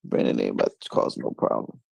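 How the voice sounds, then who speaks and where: A woman chatting casually, telling a funny story and throwing her voice high to quote others. Her tone is warm and dark, and the sound is dry and close with no room around it. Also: fairly quick, no echo. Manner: animated storyteller, laughs often, jumps into high voices for quotes. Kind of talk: casual chat.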